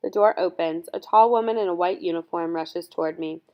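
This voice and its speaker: A woman's voice: lowish voice, a little fast, highs cut off. Woman narrating a first-person audiobook.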